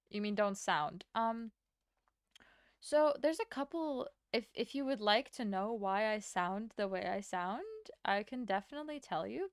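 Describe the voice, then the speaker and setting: A young woman from Latvia, a streamer chatting casually with her chat while she draws, rambling and answering with quick laughs. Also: medium pitch, clean tone, dry recording, clean studio sound. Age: young adult.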